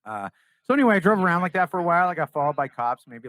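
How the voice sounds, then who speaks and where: A man's voice: a little high, expressive, fast, fairly bright tone, no room sound, rough recording. A young man from California, a podcast guest, telling a story in casual interview talk and acting out the dialogue.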